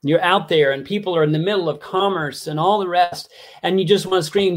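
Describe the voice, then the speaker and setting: A man's voice: sits high, brisk. A middle-aged man preaching a sermon, telling a personal story with heartfelt earnestness that builds into impassioned pleading.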